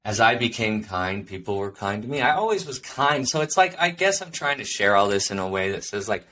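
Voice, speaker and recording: Man, fairly low voice, solo podcast host, earnest, rambling, reflective, lots of fillers. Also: big pitch swings, fairly quick, pushed and bright, slight background noise.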